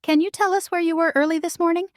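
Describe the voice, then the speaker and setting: A woman's voice: very high voice, fairly even intonation, fast talker, no echo, clean studio sound, pitched above the performer's own voice. A woman voicing a playful, teasing woman friend in an amateur sleuthing trio.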